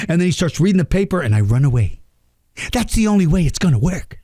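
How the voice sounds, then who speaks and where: A man hosts a kids' podcast in a loose, rambling way, joking and laughing at his own tangents. His voice sits fairly high and swings up and down a lot, and the sound is close and dry. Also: sing-song, fast talker, mellow, dry recording. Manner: rambling and jokey, laughs at himself. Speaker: podcast host. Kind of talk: casual podcast talk for kids.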